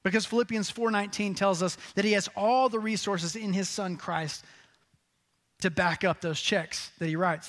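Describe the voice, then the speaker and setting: Male pastor, high voice, sermon, lively questions to the congregation.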